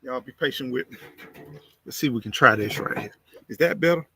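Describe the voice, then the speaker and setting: A man hosting a casual livestream, reading viewer comments aloud and repeating phrases in an animated, preachy way. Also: medium pitch, brisk, breathy edge. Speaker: livestream host.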